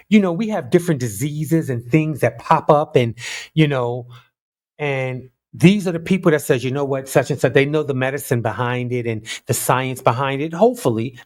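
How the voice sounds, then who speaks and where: A man giving casual, animated commentary on the news, talking straight to his viewers with open disbelief. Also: on the high side.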